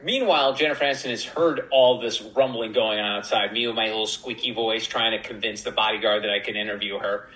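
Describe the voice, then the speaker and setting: A man telling a story as a podcast guest in a casual, animated way, acting out the voices of the people in it. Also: on the low side, fast, few pauses, roomy sound, poor audio. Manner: animated, acts out voices in quotes.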